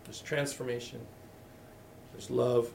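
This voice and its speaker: A man's voice: mid-range voice, little pitch movement, slow, vocal fry, darkish tone, a little hiss or hum. A middle-aged man preaching a sermon as pastor, talking candidly and conversationally, often restarting his sentences. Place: church hall. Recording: echoey room, voice from a distance.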